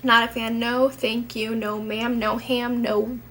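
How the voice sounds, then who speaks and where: Bright chatty young woman vlogger. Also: fairly high pitch, level tone, takes it slowly, slight background noise, low-quality recording. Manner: chatty, rambling, candid, swears casually. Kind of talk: casual chat to camera.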